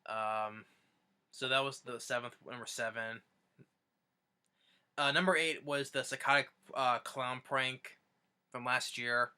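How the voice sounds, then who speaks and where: A man's voice: medium pitch, fairly even intonation, slow pace, pauses often, sharp tone, clear, resonant tone. A man casually recapping favorite videos, rambling with many restarts and fillers. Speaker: YouTuber.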